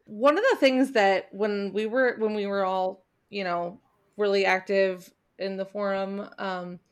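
An opinionated woman co-hosting a casual book podcast, her voice at a middle pitch. She argues her points thoughtfully, with plenty of ums and likes along the way. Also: steady tone, a little slow, smooth. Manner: thoughtful, opinionated, many fillers. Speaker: podcast co-host. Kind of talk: casual book club chat.

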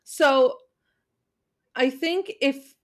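A woman's voice: high voice, drawn-out words. Opinionated woman co-hosting a book chat. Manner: thoughtful, opinionated, many fillers. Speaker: podcast co-host. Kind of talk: casual book club chat.

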